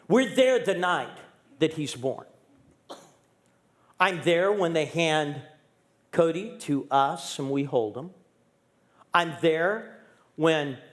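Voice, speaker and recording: A middle-aged man preaching in a church, telling a personal story with humor and candor. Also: a little high. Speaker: guest pastor. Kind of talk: storytelling sermon.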